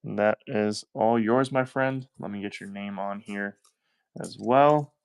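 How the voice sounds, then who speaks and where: A man's voice: lowish voice, a little slow, gravelly, smooth, dry recording. Upbeat Southern man running auctions. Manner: upbeat, chatty, thanks buyers by name. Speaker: live-stream coin auction host. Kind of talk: live auction selling patter.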